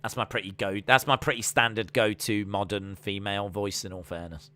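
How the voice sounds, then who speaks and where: A man's voice: fairly low pitch, fairly even intonation, brisk, bright, forceful tone. A man hosting a casual wrestling watch-along stream, chatting and reading out viewer comments. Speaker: live stream host.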